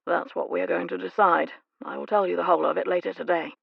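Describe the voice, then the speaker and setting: A woman narrator voicing a determined, teasing young duke in an audiobook, with a gravelly, measured delivery. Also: sits high, level tone, no echo, muffled recording, exaggerated voice. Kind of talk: audiobook character reading.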